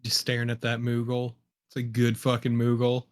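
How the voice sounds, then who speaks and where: A man's voice: medium pitch, monotone, moderate pace. Wry male co-streamer. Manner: wry, swears casually. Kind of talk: casual gameplay commentary.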